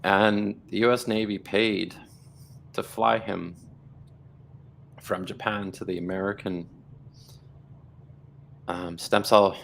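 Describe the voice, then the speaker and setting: A man with a very low, gravelly voice tells his story on a video call, earnest and rambling, with restarts and bits of quoted dialogue. Faint noise sits behind him. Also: fairly bright tone. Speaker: guest, blood cancer survivor. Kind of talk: livestream conversation, personal storytelling.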